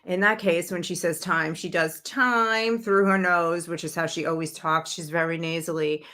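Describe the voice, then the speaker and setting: A woman's voice: deep voice, flat delivery, moderate pace, a bit bright. A woman from Brooklyn hosting a political commentary show, blunt and sarcastic in a conversational way. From Brooklyn, New York, USA. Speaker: host.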